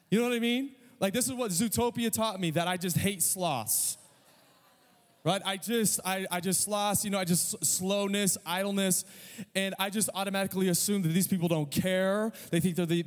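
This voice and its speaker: A middle-aged male pastor preaching a sermon, telling a story with self-deprecating humor and quick asides. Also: on the high side, long reverb tail.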